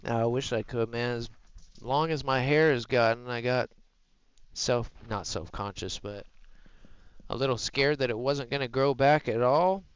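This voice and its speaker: A man's voice: medium pitch, unhurried, clear, resonant tone, dry recording, muffled recording. A man streaming live from home, chatting in an easygoing, rambling way into a headset mic. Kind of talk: casual live-stream chat.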